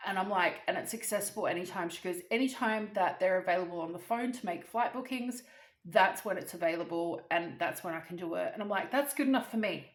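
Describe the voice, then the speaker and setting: A woman telling a story vlog-style in a chatty, animated, casually swearing way. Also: on the low side, brisk, echoey room. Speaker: vlogger.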